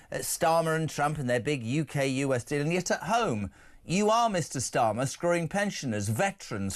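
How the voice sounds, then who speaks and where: Male phone-in host, high voice, brash and jokey, opinionated banter. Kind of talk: lively radio phone-in chat.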